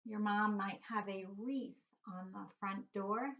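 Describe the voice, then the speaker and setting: A middle-aged woman teaches young children a phonics lesson, speaking very slowly and sounding each letter out one at a time. She keeps her pitch in an ordinary middle range. The recording is dull and lo-fi. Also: fairly bright tone. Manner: slow, patient, spells out letters one by one.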